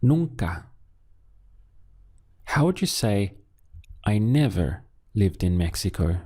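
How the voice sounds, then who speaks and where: A man teaching Spanish, patiently drilling phrases and repeating each word slowly. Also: on the low side, big pitch swings, dark tone, breathy edge. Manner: slow, patient, deliberate drilling with repeated words. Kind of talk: language lesson with drills.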